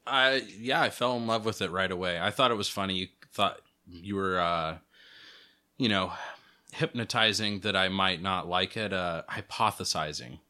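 A man's voice: deep voice, moderate pace. A man co-hosting a podcast, talking casually and hesitantly with lots of fillers. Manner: relaxed, hesitant, many fillers. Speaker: podcast co-host. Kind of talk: casual chat.

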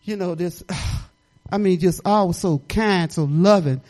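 A woman's voice: fairly low pitch, slow pace, dark tone, low-quality recording. An older woman pastor, preaching in a folksy, conversational way, rambling into personal stories with asides. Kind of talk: informal testimony sermon.

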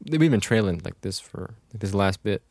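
A young man co-hosting a podcast in casual chat, joking and quick to chime in. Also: on the low side, expressive, vocal fry, a little mellow, no echo. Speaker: podcast co-host.

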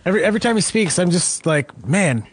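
A man's voice: high voice, sing-song, fast, background noise. A young man co-hosting a podcast from his home studio, with upbeat, joking, conversational talk. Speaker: podcast co-host. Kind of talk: casual podcast chat.

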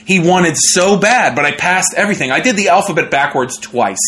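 Man, young, comedian guest, animated storyteller, bright tone, slightly high voice. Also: fairly quick, slight background noise. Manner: animated, laughing storyteller with many fillers. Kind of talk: casual storytelling.

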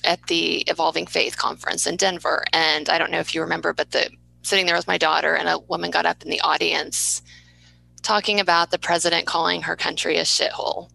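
A woman's voice: lowish voice, level tone, brisk, vocal fry, bright, forceful tone, rough recording. A woman hosting a podcast, talking in a heartfelt, rambling way with many restarts. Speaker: podcast host. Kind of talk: interview conversation.

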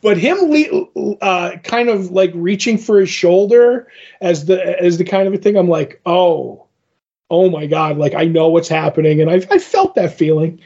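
A man's voice: high-pitched, animated, moderate pace, darkish tone, husky. A man co-hosting a podcast, rambling through a comic retelling in a casual chat with plenty of fillers and asides. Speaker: podcast co-host. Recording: dull lo-fi podcast audio.

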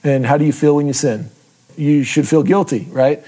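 Speaking at an ordinary pace, a man with a rather high but dark-toned voice teaches a laid-back Bible lesson. He's self-deprecating and conversational, and he often checks in with his audience using tag questions.

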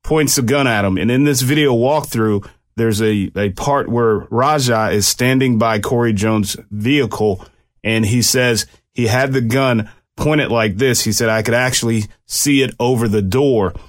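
A man's voice: medium pitch, unhurried. A man who speaks as a police officer, explaining a police shooting case to viewers in a loose, conversational way with restarts. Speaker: commentator and former police officer. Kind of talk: casual commentary on a case.

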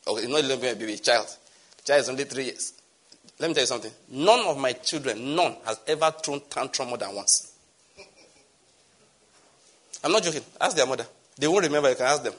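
A middle-aged man preaching a sermon as pastor, animated, swinging from loud exclamations to soft asides. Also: medium pitch, fast.

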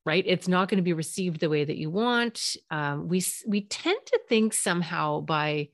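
A woman's voice: on the low side, animated, moderate pace, dry recording, clean studio sound. A woman therapist hosting a parenting podcast, talking earnestly and conversationally and sometimes acting out short quotes. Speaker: podcast host, child and family therapist. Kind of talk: solo parenting podcast talk.

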